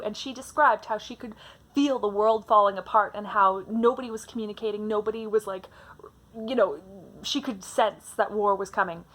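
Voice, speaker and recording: A young woman from Canada talks books in a chatty, animated way, with plenty of fillers along the way. Her voice is bright and sits a touch high. It is a casual book tag chat. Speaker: book vlogger.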